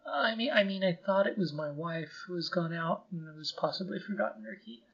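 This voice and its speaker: A man's voice: high-pitched, lively intonation, brisk, gravelly, husky, exaggerated voice. A man playing a stammering timid office artist. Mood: nervous. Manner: stammering, nervous, apologetic. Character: timid meek middle-aged male office artist. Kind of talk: radio drama re-creation. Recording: dull lo-fi radio-style recording.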